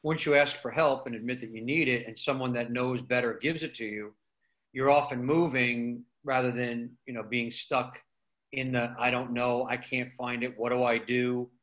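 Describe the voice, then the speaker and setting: Man, podcast panelist, agreeable, mid-pitched voice. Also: steady tone, normal speed, fairly bright tone, poor audio. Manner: agreeable, affirming others. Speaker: roundtable panelist. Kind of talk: casual podcast discussion.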